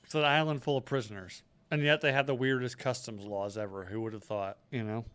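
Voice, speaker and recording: Smooth-voiced man joking on a podcast. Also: mid-range voice, steady tone, fairly quick, a bit bright. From United States. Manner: jokey, swearing, drops into put-on voices. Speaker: podcast co-host. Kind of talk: casual comedic chat.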